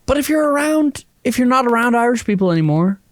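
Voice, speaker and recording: A man's voice: very high-pitched, big pitch swings, fast, a little hiss or hum. A man co-hosting a podcast, talking in a playful, teasing way. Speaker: podcast co-host. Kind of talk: casual chat.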